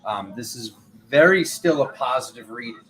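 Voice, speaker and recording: A man's voice: mid-range voice, expressive, moderate pace, low-quality recording. Chatty man giving tarot readings. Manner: chatty, rambling, self-mocking. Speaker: tarot reader. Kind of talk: casual live-stream chat.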